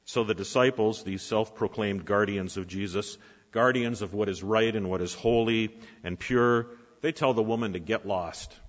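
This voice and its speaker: Low-voiced male pastor in a reverberant hall. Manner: rhetorical questions, dramatic pauses. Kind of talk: sermon. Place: church sanctuary. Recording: reverberant hall, dull lo-fi sound.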